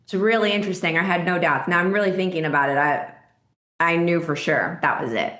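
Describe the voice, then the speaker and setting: Woman guest, low voice, animated storyteller, echoey room. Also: a little fast. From Florida. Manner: animated, emotional, rises high when excited. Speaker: podcast guest. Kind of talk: candid conversational storytelling.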